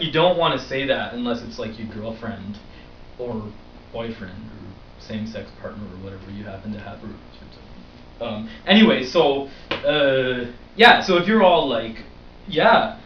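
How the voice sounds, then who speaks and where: A man's voice: medium pitch, a little hiss or hum. Young guy rambling thru a story, voice jumps around a lot, kinda far off and dull sounding. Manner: rambling, animated, with many fillers. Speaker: vlog host. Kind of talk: casual storytelling to camera. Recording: dull roomy recording from a distance.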